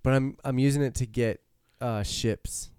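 A man hosting a casual chat while playing a mobile game, rambling, swearing casually and quick to laugh. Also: mid-range voice, steady tone, a little mellow, clear, resonant tone, no echo, studio quality. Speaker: host.

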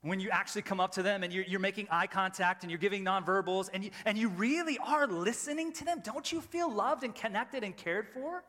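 High, bright-voiced man preaching in a hall. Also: a little fast, hardly any pauses. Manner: conversational storytelling, swings from loud emphasis to hushed tones. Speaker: pastor. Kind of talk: sermon. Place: church sanctuary. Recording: reverberant church hall.

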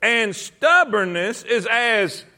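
A male pastor preaching in church, with a high voice that swings widely in pitch. His tone is bright and ringing, and he drives his points with rhetorical questions and calls for the congregation to read along. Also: expressive, takes it slowly. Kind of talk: sermon. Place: church service.

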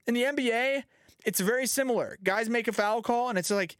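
A man hosting a casual podcast chat, ranting with lots of profanity and lively swings. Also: extremely high pitch, a little fast, clear, resonant tone, no echo, studio quality. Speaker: podcast host.

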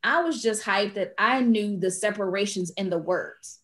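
Young woman on a podcast, lively storyteller, does little voices for people, middle pitch. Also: normal speed. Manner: animated storyteller acting out quoted voices. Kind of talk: casual chat.

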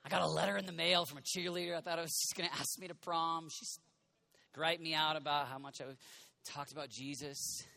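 A young American man preaching a sermon with passion, shouting out lines and then dropping to a soft, confiding voice. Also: a little high, fairly even intonation, a little fast, creaky, no echo. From United States.

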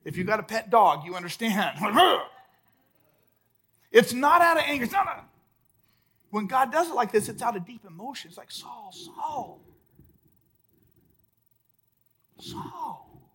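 A man preaching a sermon as pastor at a church service, emphatic, swinging between loud outbursts and hushed, soft lines. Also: very high voice, lively intonation, moderate pace, long pauses, husky.

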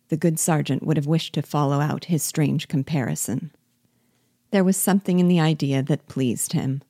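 A woman narrating a classic novel in a measured, steady reading voice. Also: deep voice, no echo, studio quality. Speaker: audiobook narrator.

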